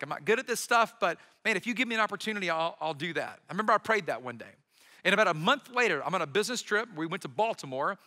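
A man's voice: sits high, bright, forceful tone, big-room sound. A man, a pastor, giving a sermon in a conversational, storytelling way with bits of humor.

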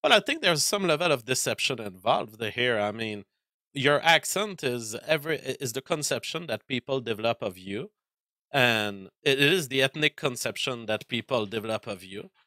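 A man hosting a commentary show, speaking deliberately with frequent hesitations and fillers. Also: mid-range voice, animated, pushed and bright, no room sound. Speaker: host.

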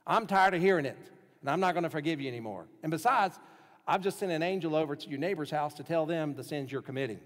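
A man's voice: a little high, fast talker, long reverb tail, close to an everyday voice. A man voicing an impatient, scolding divine voice that is fed up with hearing the same confession. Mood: exasperated. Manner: exasperated, loud and rising.

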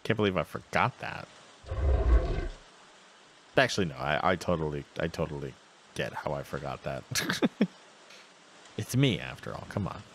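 Let's-play host, man, low voice with a lively pitch, chatty self-talk. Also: normal speed, long pauses, noisy background. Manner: chatty, talks to himself, reads game text aloud. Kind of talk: casual gameplay commentary.

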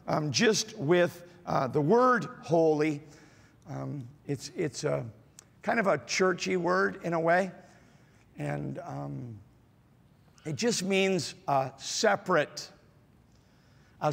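A male pastor preaching a sermon, slow and halting with many fillers, rising to emphatic repetitions. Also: fairly high pitch, vocal fry, a bit bright. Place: church auditorium. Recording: large hall with long reverb.

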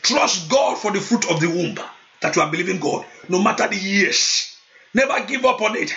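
A male pastor preaching a sermon, moving into loud fervent prayer and speaking in tongues. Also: sits high, normal speed, gravelly. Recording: dull lo-fi sound.

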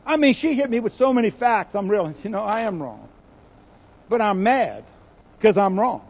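An older man delivers a sermon as a guest preacher. His voice sits fairly high for a man, and he tells stories with sudden loud, acted-out bursts before dropping into hushed asides. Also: normal speed. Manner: animated storytelling, acts out quoted voices with sudden loud bursts and quiet asides.

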